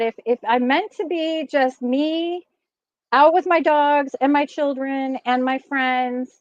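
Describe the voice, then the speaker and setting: A woman's voice: high voice, dry recording, highs cut off. A middle-aged woman hosting a vlog, chatting casually and laughing often as she tells a story. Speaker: vlogger host.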